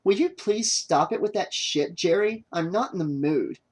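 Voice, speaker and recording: A man's voice: high voice, lively intonation, moderate pace. Guy reading a snappy annoyed young woman documentary maker, lifted voice, curt. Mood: exasperated. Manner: curt, exasperated. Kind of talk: audiobook character voice.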